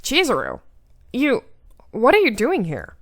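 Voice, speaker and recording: A woman voicing a brash, hot-headed young male swordsman in a visual novel read-aloud, loud and impatient. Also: fairly high pitch, wildly swooping pitch, pitched above the performer's own voice, heavily acted. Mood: surprised. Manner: loud, impatient, quick to shout.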